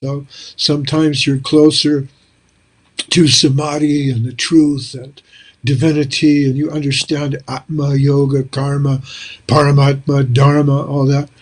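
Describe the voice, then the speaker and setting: A man's voice: medium pitch, unhurried. An older man, a spiritual author, telling stories in an interview over a video call from a small room lined with books, acting out the voices of people he quotes. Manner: animated, acts out quoted dialogue. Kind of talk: casual storytelling conversation.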